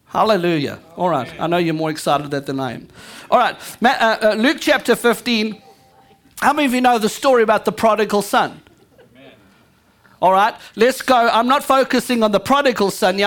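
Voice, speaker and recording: A woman pastor preaching a live church sermon, energetic and calling out to the congregation. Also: mid-range voice, moderate pace. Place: church sanctuary.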